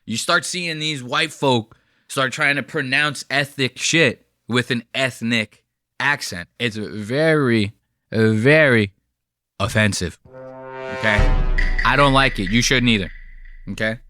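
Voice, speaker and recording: A man's voice: medium pitch, takes it slowly, bright, forceful tone, no echo, clean studio sound, faint music behind. A man hosting a reaction show, ranting with lots of swearing and mock outrage. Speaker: show host and editor. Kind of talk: reaction commentary over a clip.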